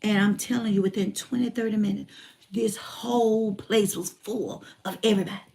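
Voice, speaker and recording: A woman in her forties telling a personal story in a lively, colloquial way, repeating phrases for emphasis. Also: mid-range voice, moderate pace, creaky. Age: 40s. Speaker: motivational speaker.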